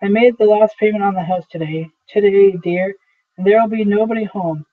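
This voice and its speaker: A grieving widow pleads softly with her dead husband, her voice catching into sobs, as a man reads her part. The tone sits high. The sound is thin and tinny, like a phone line. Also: fairly even intonation, fairly quick, recorded from a distance, close to an everyday voice.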